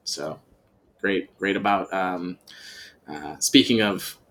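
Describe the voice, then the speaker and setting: A man with a fairly low voice talks as a podcast guest. His talk is loose and casual, full of fillers, repeats and restarts as he thinks aloud. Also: takes it slowly, a bit bright, slight background noise. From United States. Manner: rambling, many fillers and restarts. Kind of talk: casual chat.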